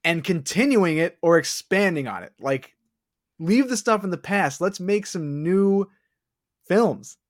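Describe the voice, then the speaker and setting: A man's voice: high-pitched, animated, unhurried. A man co-hosting a casual podcast, speaking in a laid-back, opinionated way with frequent fillers. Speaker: podcast co-host. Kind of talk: casual chat.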